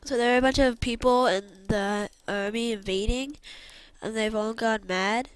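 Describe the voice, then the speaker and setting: A woman's voice: a little high, normal speed, clean tone, no room sound. A woman casually narrating an improvised story, rambling and mixing in her own sound effects.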